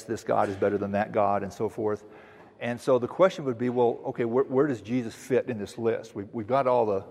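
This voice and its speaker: A man preaching an expository sermon, earnestly teaching and slowing down to stress quoted verses. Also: medium pitch, a little mellow, in a large hall. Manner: earnest teaching, with frequent restarts and slow emphatic quotes. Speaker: pastor.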